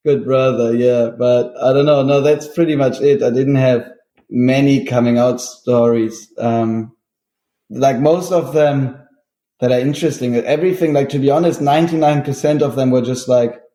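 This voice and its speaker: A guest musician from Germany chats casually on an interview show, laughing often and relaxed, with lots of fillers. His mid-range voice moves at a moderate pace in a reverberant space.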